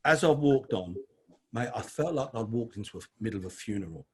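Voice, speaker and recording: This chatty London guest, a middle-aged man, tells casual stories during an interview and keeps addressing the host as "mate." He talks briskly in a lowish voice with lively intonation.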